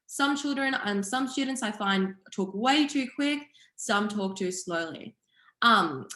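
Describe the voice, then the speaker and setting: A young woman teaching public speaking online, explaining each skill in a clear, steady way. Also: medium pitch. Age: young adult. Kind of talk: online seminar presentation. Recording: echoey room.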